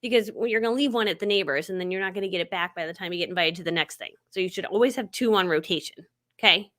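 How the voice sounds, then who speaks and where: Her mid-range voice comes out rapid-fire and fairly bright as this middle-aged woman hosts a live stream. She tells chatty stories, laughs frequently, and imitates what others said.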